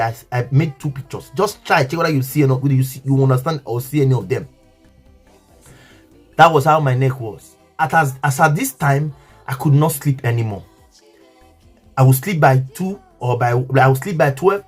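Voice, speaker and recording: Husky Nigerian man telling his story. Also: medium pitch. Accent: Nigerian English. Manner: earnest, repetitive, talks straight to viewers. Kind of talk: emotional storytime monologue.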